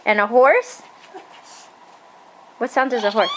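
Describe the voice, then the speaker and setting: A woman's voice: a little high, slow pace, long pauses, background noise. A woman talking playfully with a toddler in a home video, encouraging and sing-song. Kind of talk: home video, coaxing a small child.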